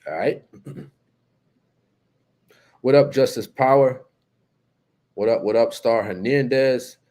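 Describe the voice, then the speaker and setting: A man's voice: mid-range voice, slow pace, warm tone. A man from New Jersey with a New Jersey accent, hosting a casual live-stream chat, reading out viewer comments in a laid-back way. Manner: reads out viewer comments and greets viewers by name, laid-back, many fillers.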